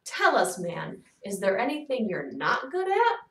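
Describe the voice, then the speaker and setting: A woman voicing a playful, bantering gentleman in a read-aloud storybook, pitched higher and louder than her narration. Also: huge pitch swings, unhurried, slight background noise. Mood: teasing. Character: teasing, jovial gentleman friend. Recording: echoey room, distant mic.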